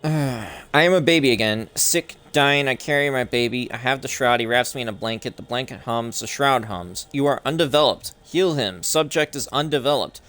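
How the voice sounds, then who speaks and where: A young man hosting a gaming channel, reading game text aloud slowly, stumbling and correcting himself, now and then swearing when confused. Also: mid-range voice, fairly bright tone.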